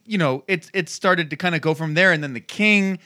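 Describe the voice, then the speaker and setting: A man on a casual podcast who swears freely and acts out quick impressions as he recaps. His voice sits a little high and sounds bright, recorded close and dry. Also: dry recording. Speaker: podcast host. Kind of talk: casual chat.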